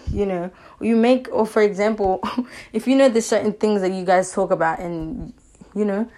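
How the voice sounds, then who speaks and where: A young podcast host delivers a laid-back monologue of relationship advice, addressing listeners head-on about dating with firm opinions and repeated "you know what I'm saying" check-ins. Her mid-range voice is mellow and warm rather than bright, and she chats in a loose, animated way.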